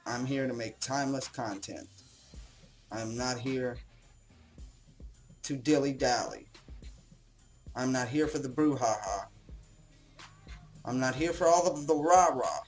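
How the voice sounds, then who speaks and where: Young male host, mid-pitched, loose and rambling, swears casually over faint music. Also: a little mellow, rough recording. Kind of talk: casual commentary.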